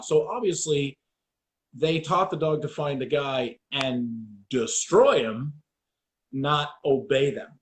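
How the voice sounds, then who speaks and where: A man's voice: medium pitch, slow. A man with an American accent, hosting an interview and telling stories animatedly, acting out what others said. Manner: animated storyteller, acts out quotes, swears. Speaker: podcast host. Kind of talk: casual interview talk.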